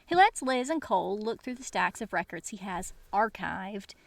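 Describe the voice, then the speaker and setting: A woman's voice: medium pitch, very animated, moderate pace, no room sound. Chatty woman recapping a book. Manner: chatty, recaps plot with playful asides. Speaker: podcast co-host. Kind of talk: casual book discussion chat.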